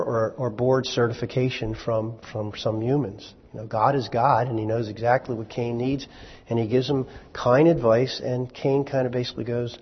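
Here a man's husky mid-range voice carries a sermon to a church-hall congregation. His delivery is wry and conversational, heavy on rhetorical questions and asides. Expect a dull, lo-fi sound and an echoey hall.

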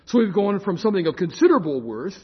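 An older man with a slightly high, husky voice gives an informal lecture, wandering into asides and correcting himself mid-sentence. He slows right down to explain key terms. The recording is muffled and lo-fi. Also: sing-song. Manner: chatty, digressive, with restarts and self-corrections. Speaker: lecturer on scripture.

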